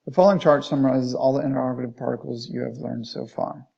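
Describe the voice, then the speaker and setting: Reading from a textbook, this Arabic teacher speaks quickly in a steady, mid-range voice that is mellow, slightly rough and touched with vocal fry. He reads passages aloud, explains them plainly and models Arabic phrases, captured in a dull lo-fi recording.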